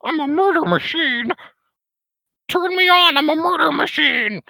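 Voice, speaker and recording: A screechy crazed killer robot. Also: male voice, expressive, measured pace, creaky, dry recording, heavily acted. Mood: mocking. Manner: mocking, exaggerated shrill shouting. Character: shrill crazed male robot alien, murderous.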